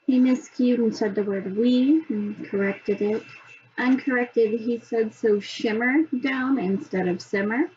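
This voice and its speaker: A woman presenting a reading assessment, talking slowly with many pauses and ums. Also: on the high side, mellow. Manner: slow, hesitant, many ums. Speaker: student presenter. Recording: dull lo-fi sound, faint background hum.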